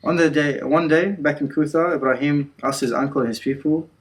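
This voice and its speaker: A man's voice: on the high side, fairly even intonation, a little fast, low-quality recording. A man teaching a religious class in an indoor community centre. He tells the story casually, with many fillers, and drops in Arabic words. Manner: retells scenes with quotes and frequent fillers; code-switches with Arabic words.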